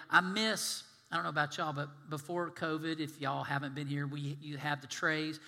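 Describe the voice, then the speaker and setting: A man's voice: a little high, sharp tone. A man preaching a sermon as pastor, folksy and conversational, acting out the voices he quotes. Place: church sanctuary. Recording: long reverb of a large hall.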